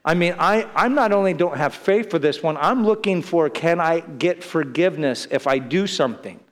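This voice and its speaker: A man's voice: fairly high pitch, normal speed. A man preaching as a pastor, talking in a conversational and earnest way with many restarts and side remarks. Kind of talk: sermon. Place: church sanctuary. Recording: long hall reverb.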